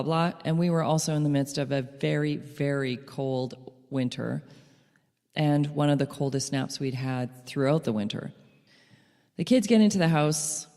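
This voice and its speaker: A woman with a gravelly, creaky edge to her voice tells a personal story on her podcast. She is reflective and slips in small laughs. Her voice hangs in a long, lingering reverb. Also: sits low, darkish tone. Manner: reflective, laughs lightly while telling a story. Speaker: podcast host.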